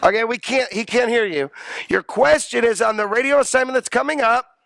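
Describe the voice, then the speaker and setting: A man's voice: very high voice, fairly quick, creaky, a little hiss or hum. A man lecturing a college class, joking and quizzing his students. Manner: animated, jokey, asks the class questions.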